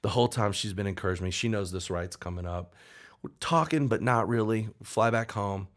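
A man with a very low voice tells a personal story in a casual interview. He rambles and restarts, quoting people as he goes. He sounds like a songwriter in his forties being open about his past. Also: fairly quick. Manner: candid, rambling, with restarts and acted-out quotes. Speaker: songwriter guest.

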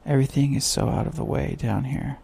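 A man's voice: mid-range voice, fairly quick, dark tone, heavily acted. A man voicing an eager, polite little girl while reading a storybook aloud. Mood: musing. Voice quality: creaky, husky. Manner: eager, chatty, earnest.

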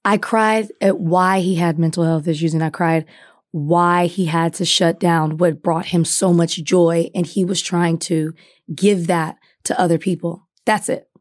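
A woman's voice: lowish voice, steady tone, a little slow. A woman co-hosting a podcast, talking earnestly and with feeling. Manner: emotional, earnest. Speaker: podcast co-host. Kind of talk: casual chat.

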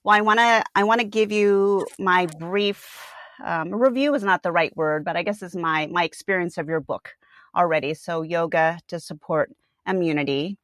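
A woman's voice: on the low side, normal speed, fairly bright tone, no room sound, clean studio sound. A woman from Washington state hosting a podcast interview, enthusiastic and laughing often. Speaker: podcast host. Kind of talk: casual interview.

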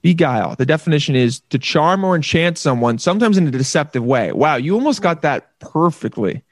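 A man in casual chat, playful and animated, often slipping into silly voices mid-story. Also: fairly high pitch, fairly quick. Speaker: actor.

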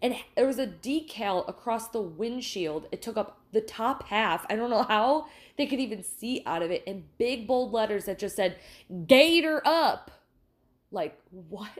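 A woman co-hosting a podcast, telling a story in casual, animated chat, swearing freely and restarting her sentences often. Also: mid-range voice, moderate pace, hardly any pauses. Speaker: podcast co-host.

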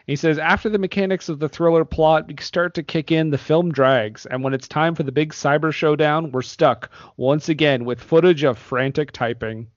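A man's voice: a little high, steady tone, normal speed, hardly any pauses, dry recording, muffled recording. A man hosting a casual movie podcast, laughing often as he reads reviews aloud. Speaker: podcast host.

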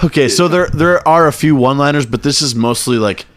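A man co-hosting a casual movie podcast, talking in a low-key, measured way. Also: loud music behind the voice. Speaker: podcast co-host.

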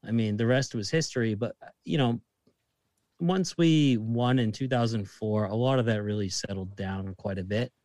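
A man's voice: lowish voice, normal speed, darkish tone, dry recording. A man in his thirties from Massachusetts with a Boston accent, chatting casually, laid-back and saying dude a lot. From Massachusetts, USA. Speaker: guest. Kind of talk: casual chat.

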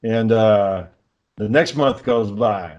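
A man's voice: lowish voice, takes it slowly, muffled recording. A man hosting a podcast, telling a long story in casual chat, swearing often and sounding exasperated. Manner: profane, exasperated, lively storyteller. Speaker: podcast host.

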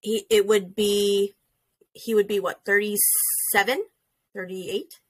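A young woman co-hosting a podcast in casual chat, animated and joking, swearing freely, on a video call. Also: mid-range voice, takes it slowly, husky. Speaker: podcast co-host.

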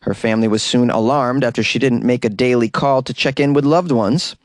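A man's voice: mid-range voice, fairly quick, no room sound. A man hosting a comedy news podcast, reading stories with wry, jokey asides. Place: closet. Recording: dry closet recording.

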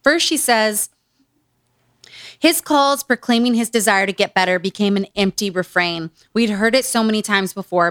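A woman's voice: mid-range voice, fairly bright tone, no room sound, studio quality. A woman hosting a casual book-review podcast, reading passages aloud and breaking in with sarcastic asides. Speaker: podcast host.

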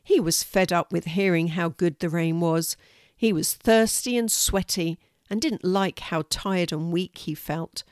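An older woman reading a children's story aloud in a clear, measured storytelling voice. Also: on the low side, no echo, clean studio sound.

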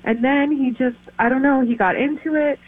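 A woman calling into a radio show, excited and giggly as she explains a prank for her husband. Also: sits high, normal speed, no echo. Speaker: caller. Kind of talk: phone call with a radio host. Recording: tinny phone line with faint hum.

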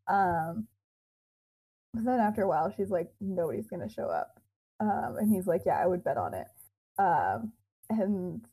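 A woman's voice: medium pitch, warm tone, slightly rough, rough recording. A young woman co-hosting a podcast, casually retelling a fan-fiction story with quoted dialogue, lots of fillers and giggles.

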